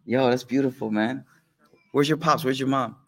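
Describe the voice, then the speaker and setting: A man's voice: medium pitch, fairly even intonation, normal speed. A man giving a casual sermon to a live study circle, talking in slang, asking the audience questions and mixing in recited religious phrases. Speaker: teacher leading a study circle.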